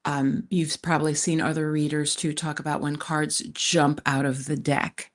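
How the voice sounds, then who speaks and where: A woman's voice: deep voice, level tone, moderate pace. A woman hosting a tarot live stream, chatting casually with viewers in a rented countryside room. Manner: chatty, warm asides to viewers, frequent "you guys". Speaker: tarot reader, channel host.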